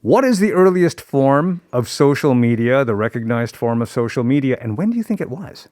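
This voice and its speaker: Lively, playful male radio presenter. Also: medium pitch, moderate pace, no room sound, studio quality. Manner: playful, explanatory storytelling. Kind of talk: radio talk show chat. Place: radio studio. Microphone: studio microphone.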